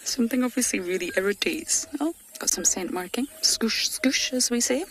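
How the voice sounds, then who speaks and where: A woman safari guide giving live game-drive commentary from an open vehicle, chatty, laughing often, at times hushed to a whisper. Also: medium pitch, expressive, a little fast. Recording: engine and outdoor ambient noise.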